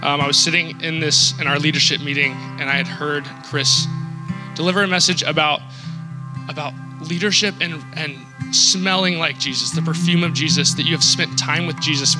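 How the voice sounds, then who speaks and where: A man shares his church testimony close to tears, his speech halting and full of fillers. His voice sits somewhat high, and loud plucked guitar plays right behind him throughout. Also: rough recording. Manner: emotional, halting, with many fillers. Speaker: church member giving testimony. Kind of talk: personal testimony. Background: loud guitar music.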